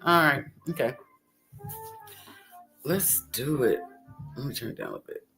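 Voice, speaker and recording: A woman's voice: a bass voice, normal speed, a bit bright, faint music behind. A woman hosting a casual crypto livestream, chatty and rambling, often giggling.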